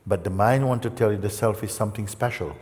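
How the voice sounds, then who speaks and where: A man, a spiritual teacher, giving a gentle, playful satsang talk with soft asides. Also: lowish voice, fast. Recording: long hall reverb.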